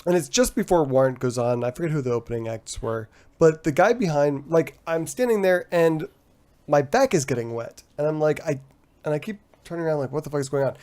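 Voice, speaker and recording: A man's voice: a little high, brisk, a little mellow. A middle-aged man co-hosting a casual post-show chat, telling a story with frequent laughter and free swearing. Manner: laughs often while telling stories, swears freely. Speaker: podcast co-host.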